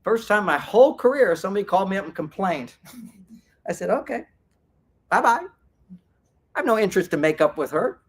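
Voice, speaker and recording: Older guy therapist giving a talk, lively, swings way up in pitch doing other people's voices. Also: fast. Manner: animated, acts out quoted voices with big pitch jumps. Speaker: speaker at a spiritual fair. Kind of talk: lecture to an audience.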